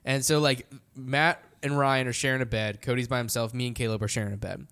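A young man telling a story in casual podcast chat, animated and full of "like" fillers. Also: mid-range voice, brisk, clear, resonant tone. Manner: animated, heavy use of "like" fillers. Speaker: podcast storyteller, band member.

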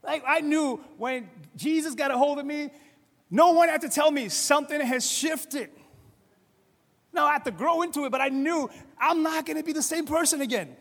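Middle-aged male pastor, high voice, lively conversational sermon, long hall reverb. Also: normal speed, gravelly. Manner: conversational, animated, acts out quoted voices.

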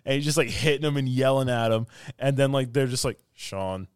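A man on a podcast retelling a movie scene by scene, rambling and filling every pause with "like" while acting out the lines. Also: medium pitch, clear, resonant tone, dry recording, studio quality. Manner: rambling, fills with "like", acts out quotes. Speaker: podcast co-host. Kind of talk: casual film review chat.

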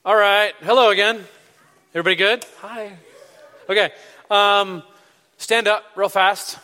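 A high-pitched man with a bright, forceful tone preaches a relaxed sermon, full of ums and self-corrections. His voice rings out with a long reverb in a big hall. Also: unhurried. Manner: chatty, full of fillers and restarts. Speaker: pastor. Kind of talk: casual sermon.

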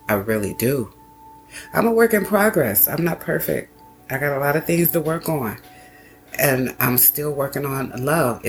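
A man hosting a motivational self-help podcast, speaking earnestly and encouragingly, repeating phrases for emphasis and slowing down on key lines. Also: fairly low pitch, creaky. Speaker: podcast host.

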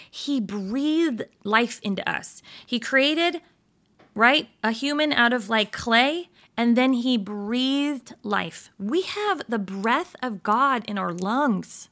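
A woman's voice: mid-range voice, a bit bright. A woman in her thirties giving a casual devotional encouragement talk, upbeat and chatty, often checking in with her listeners and laughing easily. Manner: laughs easily, trails into asides. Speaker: Christian women's encouragement host.

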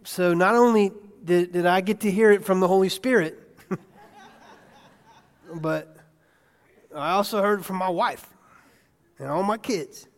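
A male pastor preaching a conversational sermon in a church, asking his congregation questions and swinging between hushed asides and loud, excited bursts. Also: high voice, a little slow, pauses often. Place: church sanctuary. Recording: long hall reverb.

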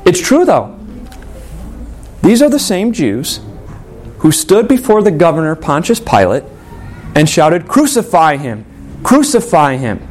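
A man preaching a sermon, earnest and emphatic, with dramatic pauses on key words. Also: high voice, sing-song, darkish tone.

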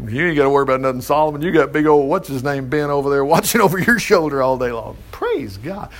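A man's voice: on the high side, lively intonation, fast, hardly any pauses, a bit bright. A man preaching a folksy sermon, reading scripture aloud and acting out little dialogues with jokes and laughs. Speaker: pastor.

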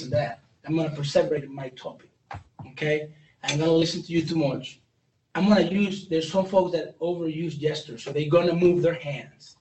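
A man's voice: fairly high pitch, a little mellow. A man giving a candid, joking training talk to a live audience, with frequent restarts and stumbles. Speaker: speaker training police on brain injury. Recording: roomy, distant mic, faint noise.

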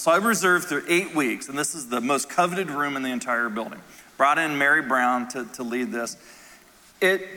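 A male pastor delivering a sermon, telling stories with animated shifts and then dropping to a soft, quiet voice. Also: a little high. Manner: animated storyteller, drops soft and quiet for tender moments. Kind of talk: sermon with storytelling. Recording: long hall reverb.

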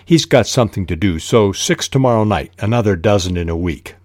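A man reading the lines of a flat, businesslike young male gun dealer from a novel in a plain voice. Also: on the low side, brisk, no room sound, studio quality. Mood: matter-of-fact.

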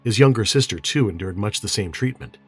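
A husky, low-voiced man reads a calming bedtime story in a soothing, unhurried manner and guides the listener through slow breathing counts. His pitch rises and falls in a lively way, and soft music sits faintly behind a dry, close recording. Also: no echo. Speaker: narrator and relaxation guide.

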